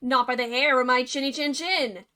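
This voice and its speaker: A woman's voice: sits high, steady tone, moderate pace, pushed and bright. A woman doing a prim, polite little pig. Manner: overly polite.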